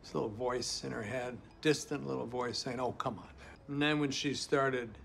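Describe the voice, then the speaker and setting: An actor playing a gentle, philosophical middle-aged bartender who talks in a calm, kindly way in a TV sitcom. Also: male voice, medium pitch, normal speed, gravelly, slight background noise. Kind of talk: TV sitcom acting.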